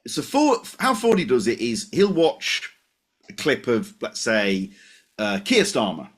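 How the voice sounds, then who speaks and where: Animated, swearing male podcast host. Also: medium pitch, measured pace, breathy edge. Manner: animated, swearing, stumbling restarts. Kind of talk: casual podcast chat.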